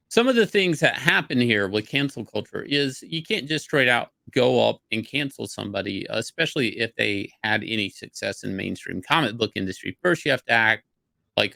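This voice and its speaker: A man's voice: medium pitch, gravelly, bright, forceful tone, no room sound. A man hosting an opinionated commentary show, building his argument in an emphatic, speculative way. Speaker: commentary host.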